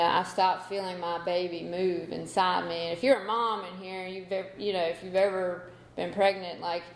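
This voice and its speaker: A woman's voice: fairly low pitch, a little hiss or hum. A woman in her thirties sharing her story at a recovery meeting, candid and conversational, with lots of "you know" fillers. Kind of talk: personal testimony talk. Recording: echoey room recording.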